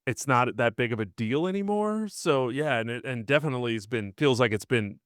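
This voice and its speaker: A man co-hosting a podcast in casual chat, animated and quick to mimic other people's voices. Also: medium pitch, clean tone, dry recording, clean studio sound. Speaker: podcast co-host.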